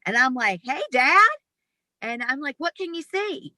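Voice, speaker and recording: A woman being interviewed over a video call, telling a personal story in a lively, expressive way. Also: sits high, moderate pace, dry recording. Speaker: interview guest. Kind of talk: storytelling in conversation.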